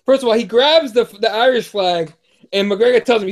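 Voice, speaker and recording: A man hosting a casual talk show, laid-back and chatty as he retells events and reads comments aloud. His voice is notably high for a man, and he swears freely. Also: normal speed. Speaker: podcast host.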